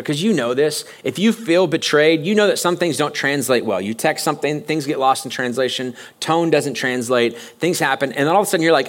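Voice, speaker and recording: A man preaching a sermon as pastor, talking conversationally and often stopping to restart his sentences. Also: a little high. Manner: conversational, halting with frequent restarts. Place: church sanctuary.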